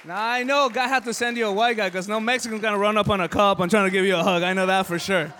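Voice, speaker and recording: A man leading a church service who responds to a testimony in a joking, lively way, preaching casually. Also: high voice, quick pace, a faint crowd, a little hiss or hum. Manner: joking and lively, speaks up loudly.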